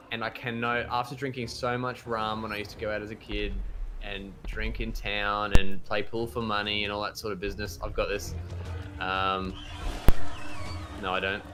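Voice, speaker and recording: A young Australian man chatting casually with his viewers while he streams a game, rambling and correcting himself as he goes. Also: fairly low pitch. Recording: game music playing behind.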